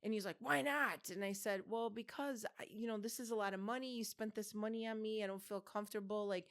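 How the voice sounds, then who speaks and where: A woman's voice: medium pitch, flat delivery, quick pace, smooth. A woman in her fifties co-hosting a podcast, telling a long personal story in a rambling way, full of restarts and fillers. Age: 50s. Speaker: podcast co-host. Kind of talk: casual chat, storytelling.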